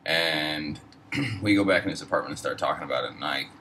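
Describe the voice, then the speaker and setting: A man's voice: a bass voice, brisk, pushed and bright, far from the mic, slight background noise, poor audio. A man casually telling a personal story, rambling and profane, heavy on fillers. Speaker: storyteller host.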